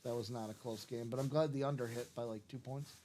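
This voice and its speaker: A man's voice: mid-range voice, steady tone, fast, warm tone. A man hosting a live card break stream, chatting casually and reeling off player names in a jokey, upbeat way.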